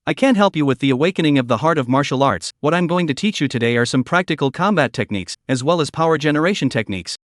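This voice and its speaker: A man voicing a stern middle-aged martial arts pavilion master who speaks in a deep, heavy voice. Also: lively intonation, quick pace, hardly any pauses, no echo, studio quality, close to an everyday voice. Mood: instructive.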